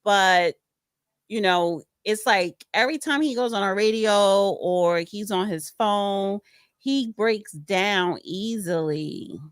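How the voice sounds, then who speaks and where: A woman's voice: medium pitch, slow pace, clear, resonant tone, no echo, clean studio sound. A woman co-hosting a casual reaction podcast, speaking in a direct, opinionated way. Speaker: podcast co-host.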